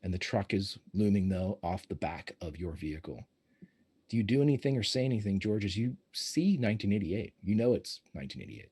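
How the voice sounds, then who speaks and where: A man running a tabletop role-playing game, describing scenes in a halting, descriptive way. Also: lowish voice, very animated, dark tone, husky. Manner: descriptive, halting narration with restarts. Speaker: game master.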